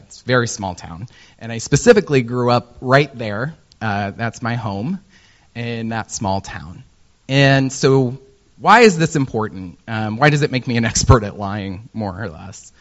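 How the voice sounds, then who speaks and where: A man's voice: medium pitch, lively intonation, a little slow, highs cut off. An American man from Indiana giving a conference talk as a user researcher, joking and self-deprecating, with many ums and uhs. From Indiana, USA. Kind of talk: presentation talk.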